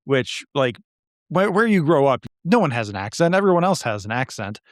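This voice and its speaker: Midwest guy hosting a podcast, rambly casual chat, smooth voice, dead dry sound. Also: mid-range voice, very animated, brisk, no echo. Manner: chatty, rambling, self-deprecating. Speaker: podcast host.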